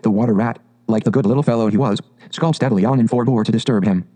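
A man reading a storybook aloud in a calm, measured, expressive way. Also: lowish voice. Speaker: audiobook narrator. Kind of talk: scripted storybook narration.

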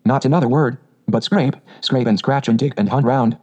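A man voicing a practical male water rat in a storybook reading, speaking briskly and impatiently on a dull lo-fi recording. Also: medium pitch, dark tone, natural voice. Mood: angry.

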